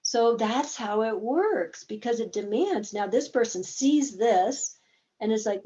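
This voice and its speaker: A woman's voice: on the high side, a little slow, warm tone, muffled recording. A woman therapist explaining a game in a conversational teaching talk, acting out bits of dialogue as examples.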